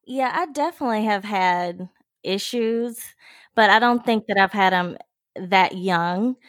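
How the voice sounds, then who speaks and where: A woman from Mississippi, co-hosting a podcast in a relaxed, reflective way. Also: mid-range voice, unhurried, dry recording, clean studio sound. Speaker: podcast co-host. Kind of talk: casual conversation.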